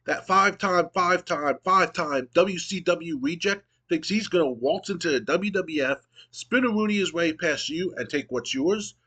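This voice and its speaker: A man reading out a trash-talking promo as a boastful male pro wrestler who speaks of himself in the third person, in a higher, drawn-out voice. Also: bright, forceful tone, breathy edge.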